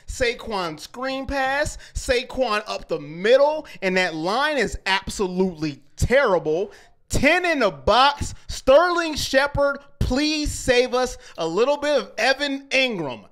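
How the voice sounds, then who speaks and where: Animated sports-chat man with lively pitch. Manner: animated, mocking, rises to near shouts. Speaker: co-host. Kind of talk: casual fan chat.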